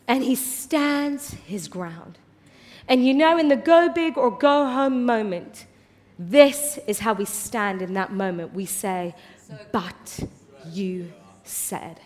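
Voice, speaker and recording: A woman pastor preaching a passionate sermon in a large church hall, swinging from hushed tones to loud declarations. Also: fairly high pitch, expressive, slow pace. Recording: long hall reverb.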